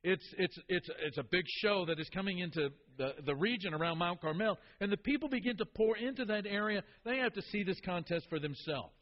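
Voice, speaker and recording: A man's voice: high voice, animated, a little fast, few pauses, big-room sound, dull audio. A man preaching a sermon to his congregation, asking them questions and repeating key phrases for emphasis. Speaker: pastor.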